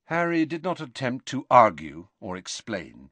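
A male audiobook narrator reading a novel aloud in an expressive, measured way, his middle-pitched voice moving through lively rises and falls. The sound is close and completely dry, with no room heard around him. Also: no room sound. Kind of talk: scripted narration.

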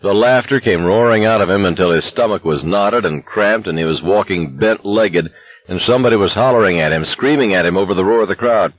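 A man narrating an audiobook in a steady, intense voice. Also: on the low side, fairly quick, no echo, dull audio. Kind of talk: scripted narration.

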